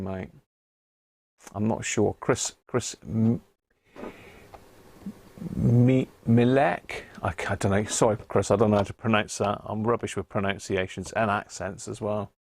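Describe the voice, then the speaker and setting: A man's voice: lowish voice, dry recording. A man hosting a casual live stream, rambling as he answers viewers from the chat. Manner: chatty, rambling, with restarts while reading chat aloud. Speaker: host of a radio-hobby live stream.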